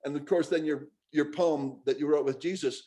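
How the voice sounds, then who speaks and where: A man in a casual spiritual discussion, talking in an animated way and laughing readily. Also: a little high, normal speed.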